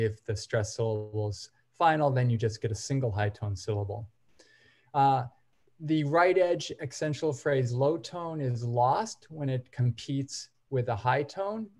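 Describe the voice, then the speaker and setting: Mellow-voiced man presenting a linguistics seminar. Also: medium pitch. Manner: measured, explanatory, walking through examples.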